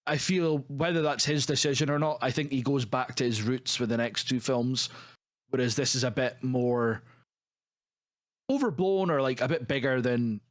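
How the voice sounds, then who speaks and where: A man co-hosting a film podcast, rambling and hedging as he works through his opinions. His voice is mid-pitched. It is recorded dry and close, with no room sound. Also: normal speed, dry recording. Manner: rambling, hedging with many restarts. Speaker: podcast co-host. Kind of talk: casual film discussion.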